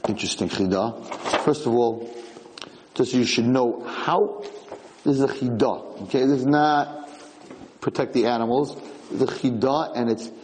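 A man teaching a Torah lesson in an excitable, repetitive way, restarting his sentences often. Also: mid-range voice, moderate pace, long pauses, big-room sound, a little hiss or hum, poor audio.

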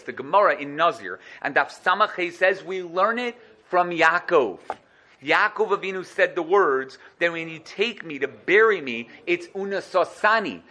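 A man giving an animated Torah lecture, acting out quotes and asking questions. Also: fairly high pitch. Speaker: Torah teacher.

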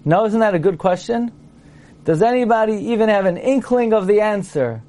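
A man with a fairly high voice teaches a class. He is playful and quizzing, and he sounds out his examples aloud as he goes. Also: animated, fairly quick, dark tone. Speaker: Torah teacher. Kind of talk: lecture to a class.

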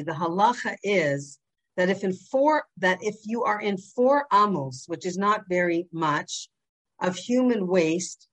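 Animated woman telling a teaching story. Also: mid-range voice. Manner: animated storyteller, acts out quoted voices. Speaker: Torah teacher.

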